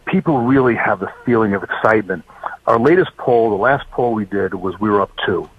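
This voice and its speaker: A man's voice: lowish voice, a little fast, husky, no room sound. A middle-aged man from New Jersey, a political candidate calling in by phone, talking with upbeat campaign energy. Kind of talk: phone-in interview. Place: campaign event venue. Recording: tinny phone line.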